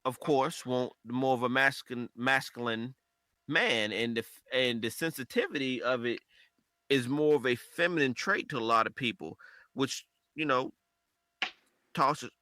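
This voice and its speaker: A man co-hosting a casual podcast chat, talking in an animated way and acting out quoted conversations. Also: mid-range voice, unhurried, no echo. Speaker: podcast co-host.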